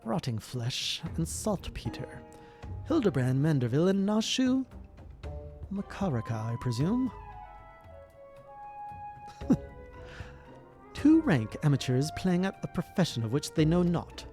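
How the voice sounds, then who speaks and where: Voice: medium pitch, big pitch swings, a little slow, pauses often, dark tone, faint music behind, pitched above the performer's own voice. A streamer doing a smug French-tinged rival inspector. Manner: smug, dismissive, attempted French accent. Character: arrogant rival male inspector, sneering.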